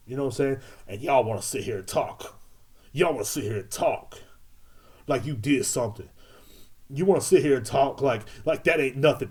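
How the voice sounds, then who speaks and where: A man playing a self-righteous, foul-mouthed adult man in a loud, repetitive satirical rant. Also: mid-range voice, slightly rough. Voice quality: loud, emphatic, swearing, repetitive.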